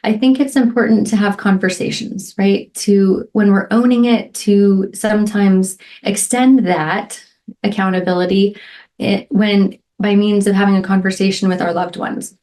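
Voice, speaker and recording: A middle-aged woman talks alone on her podcast in an earnest, reflective way. She keeps checking in with "right?" and fills pauses with soft "um"s. Her voice sits at an ordinary pitch for a woman. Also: fairly even intonation. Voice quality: emotional, near tears at moments. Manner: heartfelt, frequent "right?" and "um" fillers. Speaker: podcast host. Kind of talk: reflective solo podcast talk.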